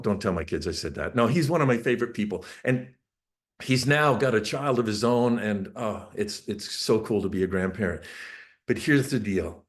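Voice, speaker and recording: A middle-aged man giving a casual, excited talk on parenting, full of asides and quick restarts. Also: on the low side. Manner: enthusiastic, rambling with asides and restarts. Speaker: parenting speaker.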